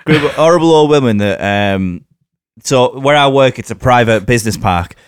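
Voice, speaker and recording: A man's voice: mid-range voice, animated, moderate pace, smooth, dry recording, clean studio sound. A man from England, a podcast co-host in a casual chat, ranting bluntly about his pet hates. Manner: blunt, grumbling rants.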